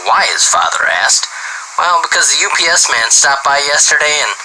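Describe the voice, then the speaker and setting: A man reading dirty jokes aloud as an animated storyteller who starts many lines with "well". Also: fairly high pitch, normal speed, noisy background.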